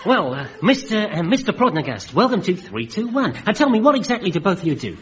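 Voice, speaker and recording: A man's voice: high voice, big pitch swings. An actor playing a cheesy male game show host who rattles off pun after pun in chummy showman patter, in a radio comedy sketch. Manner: rapid chain of groan-worthy gags, chummy showman patter. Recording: dull old radio recording with loud studio audience laughter.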